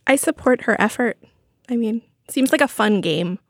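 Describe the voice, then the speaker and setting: A woman's voice: a little high, animated, moderate pace, no room sound, studio quality. A woman guest on a podcast, a food writer, chatting and telling anecdotes with a lot of "like". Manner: chatty, storytelling, lots of "like". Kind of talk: casual chat. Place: studio.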